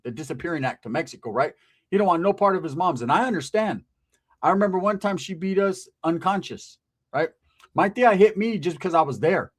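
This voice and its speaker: A stand-up comedian spinning a profane, animated story in a loose, conversational way. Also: male voice, high voice, breathy edge.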